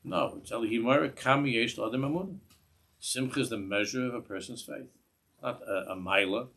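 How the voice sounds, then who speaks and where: A man's voice: mid-range voice, brisk, gravelly, fairly bright tone. A man, a rabbi giving a class in a synagogue, earnest, restarting phrases and mixing in Hebrew terms. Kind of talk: sermon.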